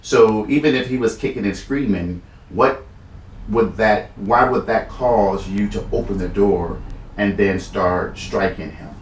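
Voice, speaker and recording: A man's voice: on the low side, a little slow, slight background noise. A man co-hosting a podcast, talking earnestly with frequent restarts. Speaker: podcast co-host. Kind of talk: casual discussion. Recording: roomy echo, a bit far from the mic.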